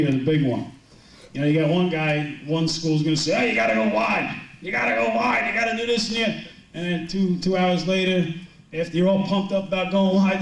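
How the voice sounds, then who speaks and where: A middle-aged man tells rambling, joking stories from a stage, stumbling over restarts as he goes. His voice sits fairly high for a man and comes through a distant mic in a roomy hall. A large audience laughs along behind him. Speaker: motivational speaker. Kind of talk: live stage talk to a business audience.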